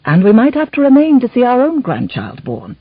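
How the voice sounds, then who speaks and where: A woman voicing an older lord and gentle stepfather, with measured, old-fashioned speech, in a slightly muffled recording. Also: on the high side, huge pitch swings, breathy edge, no echo, pitched above the performer's own voice, exaggerated voice.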